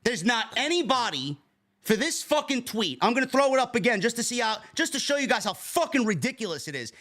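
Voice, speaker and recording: Really high voiced guy going off on a podcast, pitch all over, lots of angry questions. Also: very animated, a little fast, fairly bright tone. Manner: indignant, profane, rhetorical questions. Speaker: podcast co-host. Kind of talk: heated podcast rant.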